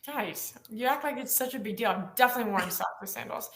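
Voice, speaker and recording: A woman's voice: on the high side, animated, fast, fairly bright tone. Playful woman host on an echoey call. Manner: playful, teasing. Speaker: webinar co-host asking lightning round questions. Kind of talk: casual video-call chat. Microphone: video call.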